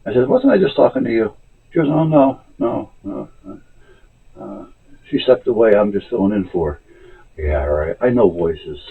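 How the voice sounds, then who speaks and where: Guy ranting about a phone call, husky, sounds like a tinny phone line. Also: on the low side, brisk. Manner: animated, exasperated retelling of a phone call. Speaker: vlogger. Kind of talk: casual storytelling rant.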